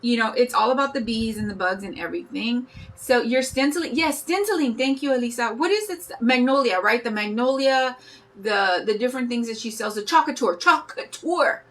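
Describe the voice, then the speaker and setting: A woman's voice: a little high, brisk, rough recording. A woman in her fifties hosting a live craft tutorial, chatting in a bubbly, rambling way and greeting viewers by name as she works. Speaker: craft livestream host.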